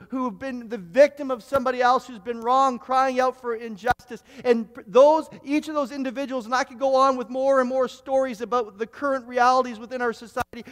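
A man preaching a sermon, telling a story and moving between raised emphatic lines and low, quiet ones. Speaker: pastor. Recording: long hall reverb.

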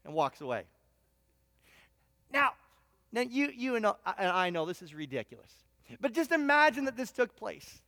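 A man's voice: sits high, big pitch swings, moderate pace, pauses often, bright, forceful tone. A man preaching a sermon, telling a long illustrative story with frequent stammered restarts. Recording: reverberant hall sound.

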